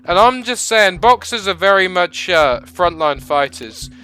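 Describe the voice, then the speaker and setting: Excitable male gaming YouTuber, bright slightly high voice, rambling self-mocking commentary. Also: a little slow, clear, resonant tone, soft background music, low-quality recording. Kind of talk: gameplay commentary.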